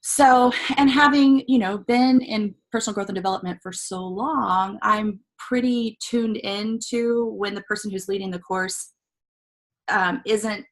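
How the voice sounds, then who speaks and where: A middle-aged woman with a slightly husky, breathy voice tells a personal story as a guest on a talk show. She is animated and playful, acting out quotes and laughing as she goes, with pitch in a middle range. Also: unhurried, low-quality recording. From Southern California. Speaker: guest, life coach. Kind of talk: casual storytelling.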